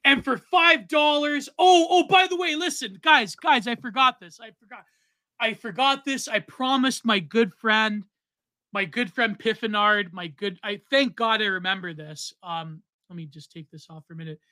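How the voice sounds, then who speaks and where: A man in his thirties co-hosting a casual podcast, reading out donations with loud, excitable exclamations. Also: sits high, moderate pace, no echo. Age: 30s. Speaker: podcast co-host.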